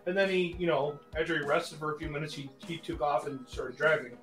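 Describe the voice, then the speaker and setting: A man's voice: fairly high pitch, steady tone, brisk, a bit bright, recorded from a distance. A man telling a funny story in casual chat, often breaking into laughter. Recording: roomy echo with faint music.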